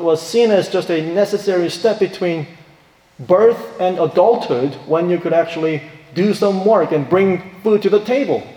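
A man preaches in a slightly high voice, leaning hard on key words and asking the room questions. His voice rings through a roomy hall with a long reverb tail. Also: dark tone. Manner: emphatic, rhetorical questions, acts out quoted voices. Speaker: pastor. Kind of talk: sermon.

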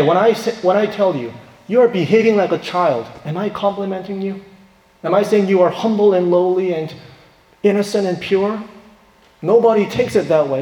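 A man preaching a sermon, asking rhetorical questions and stressing key points, then dropping to quiet asides. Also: high-pitched. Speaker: pastor. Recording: echoey hall reverb.

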